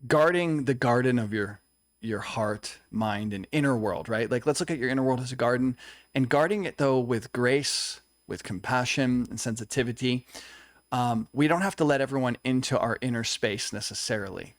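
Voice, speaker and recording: A man's voice: mid-range voice, moderate pace, dry recording. A young man telling a personal story in a conversation, earnest and confessional, acting out what others said. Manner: earnest, confessional, tells stories with quoted dialogue. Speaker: co-host.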